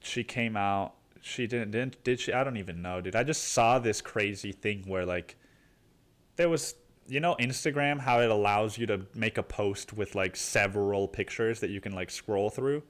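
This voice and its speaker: A young man hosting his own podcast, rambling and swearing casually, saying "dude" constantly and jumping into mock voices. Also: normal speed. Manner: animated, jumps into high mock voices. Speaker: podcast host. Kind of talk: casual solo podcast monologue.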